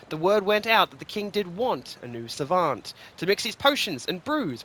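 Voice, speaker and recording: A man reading fantasy lore stories aloud in an expressive, rhythmic storytelling manner. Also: high voice. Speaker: lore reader.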